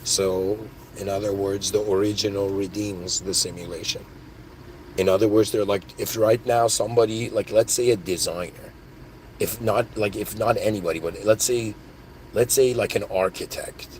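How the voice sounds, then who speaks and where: A man with a fairly low voice talks through spiritual ideas on his own podcast. He rambles and gets excitable, stacking "like" and "dude" as he goes. A faint background noise sits under the recording. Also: moderate pace. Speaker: podcast host. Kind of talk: casual spiritual monologue.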